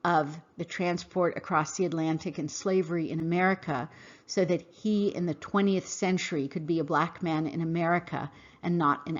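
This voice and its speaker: A woman hosting a podcast, reading a scripted monologue in an earnest, emphatic, measured way. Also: lowish voice, lo-fi sound. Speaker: podcast host. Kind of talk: scripted monologue read aloud.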